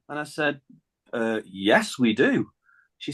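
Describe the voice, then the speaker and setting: A middle-aged man, a singer telling a lively anecdote in a radio interview and laughing often. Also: medium pitch, slow, pauses often, slightly rough. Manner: chatty storyteller, laughs often, acts out phone calls. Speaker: guest singer. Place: radio studio.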